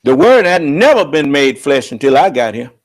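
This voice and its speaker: Emphatic preacher man with a lively pitch. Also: normal speed, a little hiss or hum. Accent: American. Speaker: religious leader and teacher. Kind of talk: preaching on scripture.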